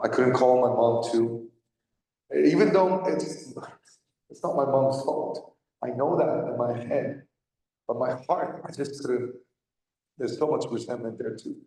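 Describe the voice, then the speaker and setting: Halting man testifying in an echoey hall. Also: lowish voice, dark tone, distant mic. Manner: candid, halting, with frequent pauses. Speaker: church member giving testimony. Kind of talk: personal testimony talk. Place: church hall.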